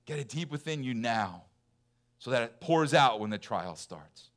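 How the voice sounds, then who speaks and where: A man in his thirties preaching a sermon in a church, chatty and full of fillers, dropping to soft, intense lows. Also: animated, moderate pace. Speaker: pastor. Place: church hall.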